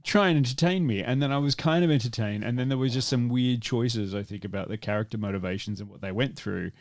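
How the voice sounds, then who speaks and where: A man's voice: medium pitch, fast, darkish tone. A man co-hosting a casual movie podcast, rambling, with many restarts and fillers and some swearing. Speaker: podcast co-host.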